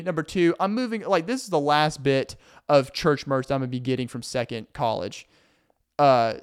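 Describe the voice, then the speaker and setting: A man's voice: mid-range voice, clear, resonant tone. Rambling sarcastic young man vlogging. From Arkansas. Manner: rambling, sarcastic, acts out mock voices of passive aggressive people. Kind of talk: casual monologue to camera.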